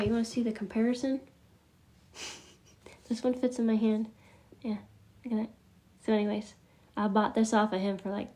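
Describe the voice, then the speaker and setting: A middle-aged woman hosts a casual live class on crystals, chatting in a scattered way with frequent laughs and muttered asides. Her voice is medium-pitched and warm.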